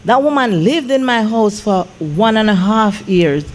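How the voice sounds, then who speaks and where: A gospel singer and songwriter, appearing as an interview guest, tells an emotional story in a medium-pitched voice at a slightly slow pace. She's animated and keeps repeating "I said" as she retells events, with slight background noise present.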